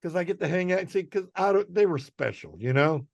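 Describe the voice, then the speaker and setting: An older male comedian telling a rambling, animated anecdote on a podcast. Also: high-pitched, a little fast, gravelly, dry recording. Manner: rambling, animated storytelling with restarts and acted quotes. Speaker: guest comedian.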